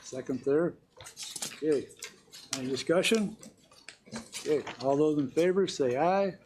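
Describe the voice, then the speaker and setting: A man chairing a county board meeting, briskly calling motions and votes. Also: a little high, darkish tone, a little hiss or hum. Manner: brisk procedural calls for votes.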